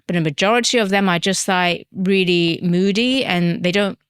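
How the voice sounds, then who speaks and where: A woman's voice: lowish voice, moderate pace, clear, resonant tone, no echo, studio quality. A woman from Hong Kong with an English accent, co-hosting a podcast in casual chat, blunt and exasperated, swearing freely. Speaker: podcast co-host.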